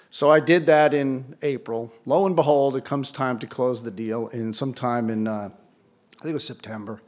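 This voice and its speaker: A man in his sixties is speaking to an audience in an event hall, telling a story from the podium. His delivery is lively and conversational, and he breaks off for dry, self-deprecating asides. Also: mid-range voice, moderate pace. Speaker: award ceremony speaker. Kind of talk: anecdotal speech to an audience.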